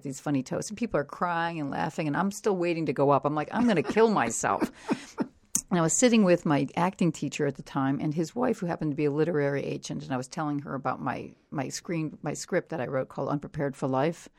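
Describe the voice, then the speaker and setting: Middle-aged woman comedian, low voice, crude animated storyteller, dry mic. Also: no echo. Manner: profane, animated storyteller with frequent restarts. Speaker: comedian guest. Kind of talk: casual storytelling interview.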